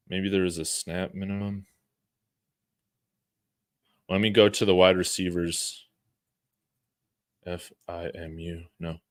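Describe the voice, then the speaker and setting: Low-pitched and recorded dry at studio quality, a man runs a live sports stream in easygoing chat. He reads messages from viewers and rambles on, relaxed, dropping frequent fillers and chuckles.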